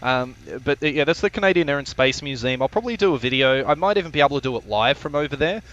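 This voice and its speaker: Swearing, rambling man with a slightly high voice. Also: lively intonation, fast talker, a bit bright, highs cut off. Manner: profane, joking, rambling with many fillers. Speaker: streamer commentating his own flight video. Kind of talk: casual live-stream commentary.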